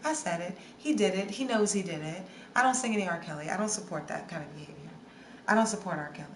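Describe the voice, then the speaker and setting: Young woman streamer, casual scattered chat, roomy echo, faint background hiss; medium pitch. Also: lively intonation, quick pace. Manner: chatty, scattered, answers song requests with bits of singing. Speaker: livestream host. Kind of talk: casual livestream chat, reading viewer comments. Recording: roomy with faint ambient noise.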